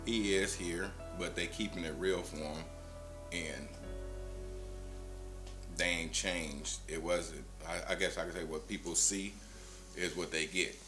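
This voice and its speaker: A middle-aged father speaking softly in an interview, halting and repeating words. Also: low voice, steady tone, over music. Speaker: father of the late friend. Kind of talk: documentary interview.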